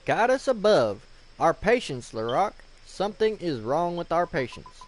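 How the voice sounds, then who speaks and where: A man's voice: a little high, sing-song, unhurried, voice pushed up. A man voicing an earnest young woman healer from a video game, reading her lines in a dramatic, formal way. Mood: alarmed.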